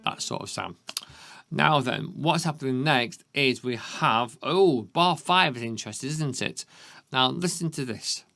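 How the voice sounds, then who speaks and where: Gravelly Yorkshire man teaching piano. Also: mid-range voice, lively intonation, a little slow. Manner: counts beats aloud, checks in with frequent "okay?". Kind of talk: step-by-step piano lesson. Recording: piano music loud underneath. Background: piano playing.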